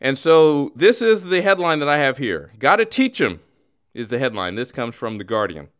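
A male podcast host chatting casually, his pitch swinging up and down as he jokes. He rambles through his play-by-play in an easygoing way, sitting in the middle of the male pitch range. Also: sing-song, normal speed, fairly bright tone, clean tone. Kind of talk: casual chat.

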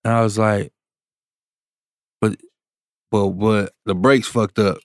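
A man, a music producer, telling a story in casual chat, slangy and animated, acting out the people he quotes. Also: lowish voice, takes it slowly, no echo, clean studio sound.

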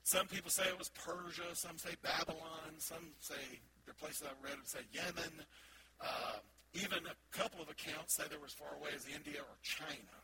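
A man's voice: fairly high pitch, moderate pace, very noisy. A man with a Southern American accent, a pastor giving a chatty sermon that asks the congregation questions. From Southern United States.

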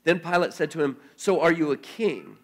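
A male pastor reads scripture aloud and then preaches haltingly, often repeating words as he thinks out loud. His voice sits on the high side and sounds animated.

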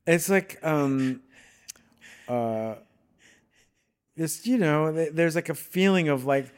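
A man's voice: fairly high pitch, slow pace, long pauses, clean tone. A man chatting casually as a guest, rambling a little and slipping into playful bits of accents. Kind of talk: casual conversation.

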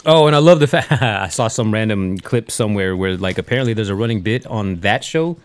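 A man's voice: on the low side, fairly quick, clean tone, dry recording. A man co-hosting a podcast in casual chat, laid-back and swearing a lot. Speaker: podcast co-host.

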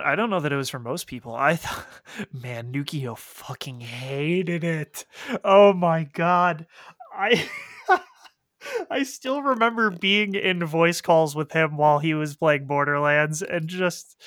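Bright-voiced man in quick casual chat. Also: a little high, animated, no echo, clean studio sound. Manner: quick, filler-heavy, restarts often.

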